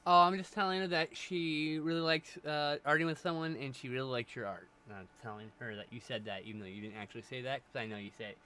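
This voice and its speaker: A man's voice: medium pitch, fast talker, few pauses, bright, forceful tone, slight background noise. A man streaming live, chatting casually and joking while relaying messages from chat.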